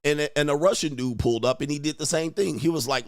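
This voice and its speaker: A man's voice: a little high, fast talker, hardly any pauses, no room sound. Man, livestream host, blunt profane rant, mocking, dry close sound. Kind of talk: profane ranting commentary.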